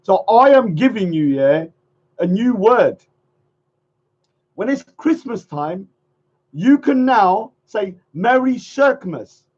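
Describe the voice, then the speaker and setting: A man's voice: high-pitched, sing-song, slow, long pauses, darkish tone. A man hosting a casual livestream chat, rambling loosely and repeating phrases, chuckling often. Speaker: livestream host. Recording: muffled lo-fi stream audio.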